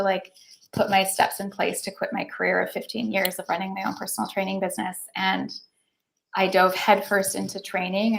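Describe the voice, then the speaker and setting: A woman's voice: mid-range voice, creaky. A woman who works as a somatic breathwork coach, speaking as a podcast guest and telling her personal story in a chatty, earnest way with many fillers. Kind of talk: candid personal storytelling in an interview.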